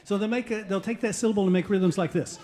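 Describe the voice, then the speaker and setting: A man with a somewhat high voice leads a room full of kids through a chant, urging them to join in. He sounds lively and encouraging. His voice rings with the long reverb of a live venue. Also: fast. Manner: energetic, coaxes the crowd to join in. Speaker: guest music teacher at a kids' concert. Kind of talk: teaching a chant to an audience. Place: café concert stage, live.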